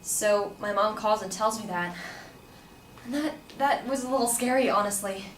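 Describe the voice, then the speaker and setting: A woman telling a personal story to listeners in a conversational, animated way. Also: medium pitch, normal speed. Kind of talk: personal story told to an audience. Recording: roomy, distant mic with faint background noise.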